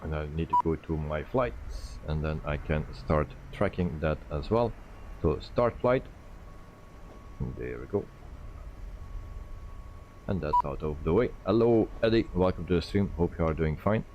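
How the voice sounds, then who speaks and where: Man, very low voice, faint background hum, casual stream talk, many fillers. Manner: relaxed, thinking aloud with many "uh" pauses. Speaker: flight sim streamer. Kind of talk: live-stream commentary.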